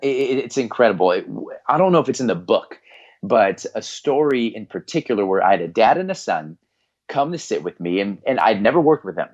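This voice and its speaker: A man's voice: lowish voice, brisk. A middle-aged man, a performance psychologist, telling stories earnestly as a podcast guest and acting out the people in them. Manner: earnest, animated storyteller who acts out quoted voices. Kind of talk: storytelling in a podcast interview. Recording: slightly dull lo-fi audio.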